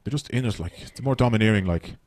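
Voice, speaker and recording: A fairly low-pitched Irish comic in his thirties talks fast through a club stand-up set, recorded without echo. Expect swearing, chattiness, and lively storytelling.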